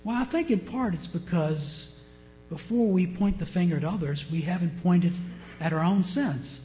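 A male pastor preaching a sermon with passion, swinging from loud declarations to hushed words. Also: high-pitched, moderate pace, soft background music, low-quality recording.

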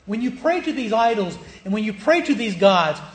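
High-voiced man preaching with emphasis. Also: lively intonation, moderate pace, roomy sound. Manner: emphatic, stretches key words, checks in with rhetorical questions. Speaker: pastor. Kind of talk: sermon with scripture reading.

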